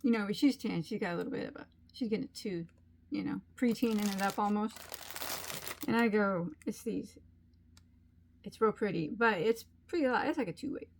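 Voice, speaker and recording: A woman's voice: mid-range voice, a little fast, a little hiss or hum. A middle-aged woman chatting casually on her crochet channel, rambling along with frequent ums as she tells a story. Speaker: crochet vlogger.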